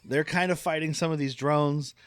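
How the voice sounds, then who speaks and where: A man's voice: on the high side, fairly even intonation, normal speed, clear, resonant tone, no room sound, clean studio sound. Wry man recapping a movie plot. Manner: narrating plot with wry asides. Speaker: podcast host recapping the film. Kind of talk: casual movie-recap banter.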